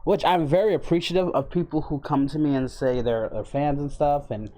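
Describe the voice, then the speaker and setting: Chill guy rambling to his stream chat, mellow voice, keeps it low and easy. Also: a little fast. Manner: laid-back, rambling, greets chat by name. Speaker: livestreamer and voice impressionist. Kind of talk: casual livestream chat.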